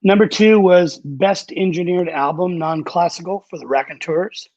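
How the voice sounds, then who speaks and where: A man's voice: high-pitched, normal speed, darkish tone, dry recording, muffled recording. A man who works as a recording engineer and producer, telling candid, profane studio anecdotes in a casual interview. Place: Nashville.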